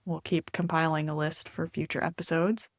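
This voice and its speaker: A woman's voice: deep voice, level tone, moderate pace, dry recording, clean studio sound. A woman co-hosting a podcast in casual chat, upbeat and laughing often. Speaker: podcast co-host and enneagram coach.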